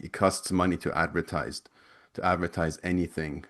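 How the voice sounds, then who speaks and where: Low-voiced man answering chat questions. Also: fairly even intonation, normal speed, a bit bright. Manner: loose and chatty, many restarts, reads out chat questions. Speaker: webinar presenter, ex-recruiter. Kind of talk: casual Q&A from chat.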